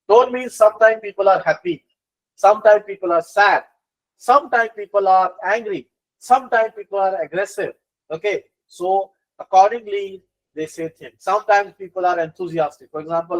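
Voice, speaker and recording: A middle-aged male instructor gives a live online lecture on business communication, with a voice a little higher than usual. He talks in an animated way, circles back over his points, and fills pauses with frequent fillers. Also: rough recording. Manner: animated lecturing, with many fillers and repeated phrases.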